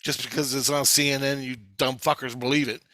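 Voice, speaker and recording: A half-awake man rambling through a profane, casual story, quoting others in quick asides. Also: mid-range voice, level tone, sharp tone, no room sound, studio quality. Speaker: video maker. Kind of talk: casual chat.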